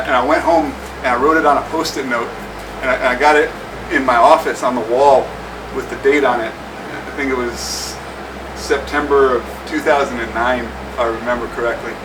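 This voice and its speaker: A man casually recalling how he met his training partner, in a relaxed, halting way with many fillers. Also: medium pitch, background noise. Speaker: interviewee, paddling coach. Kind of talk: casual recollection. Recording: distant mic with faint music.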